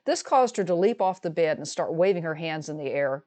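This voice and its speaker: Middle-aged woman telling a family story to camera, calm and matter-of-fact, kinda low voice. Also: brisk, hardly any pauses. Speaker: vlogger telling a personal story. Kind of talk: storytelling monologue.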